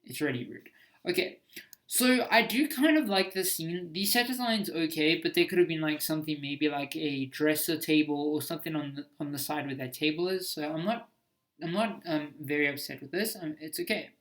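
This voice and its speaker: A man's voice: a little high, normal speed, a bit bright. A man giving casual commentary on his own homemade film, hesitant and self-critical, with many restarts.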